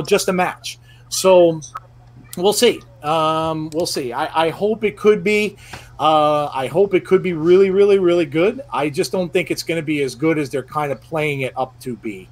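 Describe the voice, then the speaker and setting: A man hosting a casual podcast round-table, rambling along with lots of fillers and restarts. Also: fairly high pitch. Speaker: podcast host.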